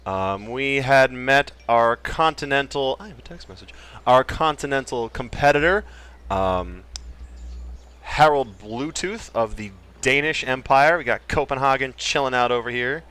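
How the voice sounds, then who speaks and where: A man's voice: mid-range voice, animated, unhurried, bright, forceful tone, clean tone. Jokey man narrating his strategy game. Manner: jokey, rambling, trails off into mumbled asides. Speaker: gaming channel host. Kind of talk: casual Let's Play commentary.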